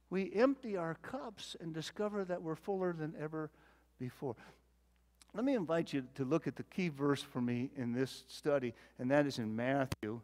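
A male pastor delivering a folksy sermon, swinging between loud emphasis and quiet asides, often repeating words as he thinks. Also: on the high side, normal speed. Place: church sanctuary.

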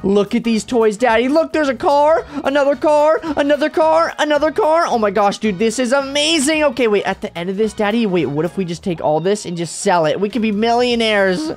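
A woman's voice: on the high side, lively intonation, brisk, few pauses, soft background music. A woman playing a baby in a game, talking in a panicky, exclamatory rush, constantly saying "wait" and "oh my gosh.". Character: excitable young child. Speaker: player acting as a baby in a game. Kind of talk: excited game role-play.

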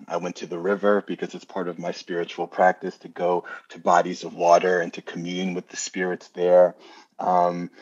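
A man from New Jersey with a New York accent, a podcast guest who talks calmly and earnestly with frequent ums. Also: sits low, lo-fi sound. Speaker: podcast guest, astro-numerologist. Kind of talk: casual interview chat.

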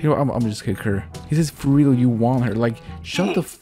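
A man doing gameplay commentary, excitable and laughing often, swearing freely. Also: mid-range voice, fairly quick, soft background music. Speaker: gaming YouTuber.

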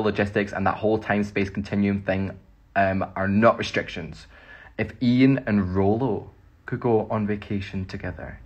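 A man's voice: lowish voice, husky, muffled recording. A Scottish man, an actor, rambling cheerfully through fan questions in a casual phone livestream. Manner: chatty, rambling, laughs often.

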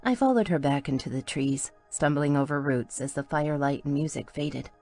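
Low, gravelly woman narrating. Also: moderate pace, mellow, faint music behind. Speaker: audiobook narrator. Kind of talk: first-person audiobook narration.

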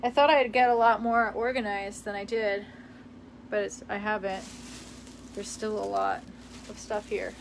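A woman's voice: mid-range voice, steady tone, measured pace, vocal fry, pauses often, a little hiss or hum. A young woman from the United States chatting casually with her viewers, rambling and giggling as she sorts through old clothes in her parents' house. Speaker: vlogger. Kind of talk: casual chat reading live comments.

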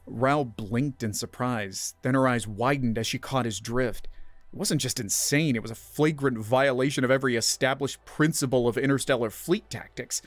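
Male narrator for a sci-fi audio story, middle pitch, measured and dramatic, dry close sound. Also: dry recording. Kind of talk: scripted narration.

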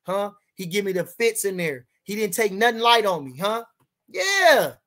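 A man's voice: high-pitched, sing-song, moderate pace, fairly bright tone. A man hosting a casual livestream about boxing. He reads viewer comments aloud and answers them in brash, boastful street slang, repeating lines for emphasis.

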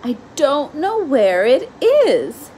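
Woman doing a high, drawn-out little frog boy. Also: huge pitch swings, a little hiss or hum, exaggerated voice. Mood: eager. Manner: high, drawn-out, slow yelling. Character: forgetful young boy frog, cheerful and eager.

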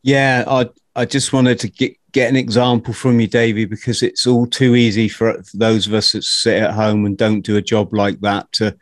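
A man hosting a podcast interview, talking casually in halting bursts with many restarts. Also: on the low side, little pitch movement, no room sound. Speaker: podcast host.

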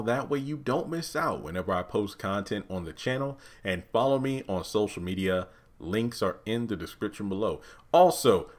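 A man giving a casual, rambling review of a TV episode on his channel, telling it with lively asides. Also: on the low side. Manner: chatty, rambling, animated retelling. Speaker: YouTube TV reviewer.

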